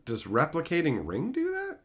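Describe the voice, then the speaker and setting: A man's voice: on the high side, moderate pace. A man hosting a live stream, reading viewers' names and chatting casually, swearing freely. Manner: animated, reads chat names aloud, swears freely.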